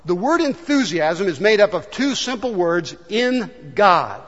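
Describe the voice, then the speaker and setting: High-voiced man preaching a sermon. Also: sing-song, a little slow, fairly bright tone. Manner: earnest, acts out quoted voices in storytelling. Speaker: pastor. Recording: dull echoey church hall.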